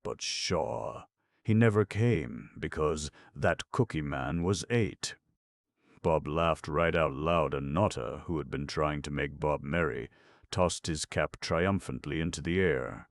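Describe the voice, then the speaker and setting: A male audiobook narrator with a very deep, gravelly voice, reading a storybook steadily and without hurry. The recording is close and dry. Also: slow, no echo. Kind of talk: scripted narration.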